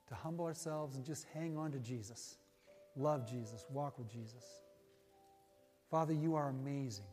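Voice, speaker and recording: A medium-pitched male pastor speaks in a large hall, a church sanctuary, preaching a sermon and leading an altar-call prayer. He's earnest and folksy, repeats his phrases, and lowers to a hush while praying.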